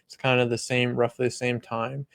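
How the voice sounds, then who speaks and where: Casting note: everyday male podcast host, mid pitch, rambling storyteller, dry close sound. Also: little pitch movement, normal speed, creaky, dry recording. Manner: rambling, lots of "like" and quoted dialogue. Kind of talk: casual storytelling chat.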